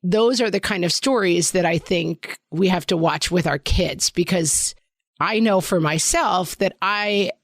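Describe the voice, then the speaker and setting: A woman's voice: on the low side, measured pace, dry recording, studio quality. A woman co-hosting a podcast, telling wry, self-deprecating stories in casual chat. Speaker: podcast co-host.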